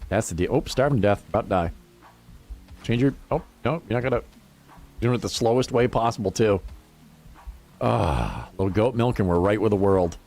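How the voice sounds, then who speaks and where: A man's voice: lowish voice, lively intonation, fairly quick, pauses often, a little mellow, soft background music. A man streaming a game and chatting casually with his viewers, rambling and swearing freely. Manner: profane, rambling, laughs often. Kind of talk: casual livestream chat while gaming.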